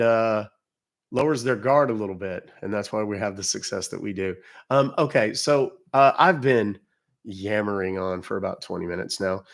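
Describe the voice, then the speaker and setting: A man's voice: on the low side, vocal fry. A man from the United States hosting a casual livestream, chatty and blunt as he answers viewers' chat comments. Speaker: livestream host.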